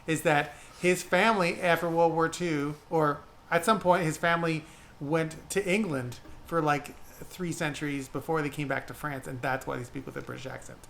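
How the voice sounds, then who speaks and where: A man co-hosting a casual podcast chat, halting and repeating words as he recalls details. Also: a little high, steady tone, gravelly, fairly bright tone, slight background noise. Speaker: podcast co-host.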